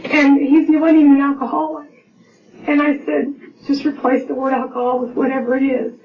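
A woman's voice: high-pitched, little pitch movement, fairly quick. A middle-aged woman sharing her recovery story as personal testimony, heartfelt and full of acted-out dialogue and restarts. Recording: distant, dull lo-fi audio with faint noise.

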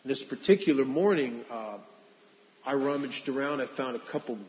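A man's voice: medium pitch, moderate pace. A man earnestly sharing a confessional personal testimony, restarting phrases as he goes. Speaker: speaker sharing his recovery story. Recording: dull reverberant hall recording.

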